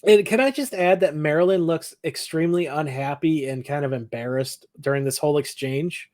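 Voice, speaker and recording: Man, podcast co-host, casual episode recap, animated, laughs a lot, higher voice. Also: normal speed. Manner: animated, laughs often, acts out lines.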